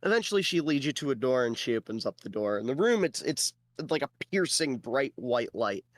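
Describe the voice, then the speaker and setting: A man narrating as game master in a relaxed way, with lots of fillers. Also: medium pitch, brisk, no room sound.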